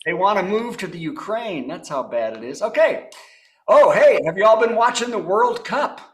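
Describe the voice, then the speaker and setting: A man with a high voice hosts a comedy show from his apartment over a video call. His delivery swings up and down as he runs through topical one-liners. He keeps chuckling at his own punchlines. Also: big pitch swings, moderate pace, slight background noise. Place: home apartment.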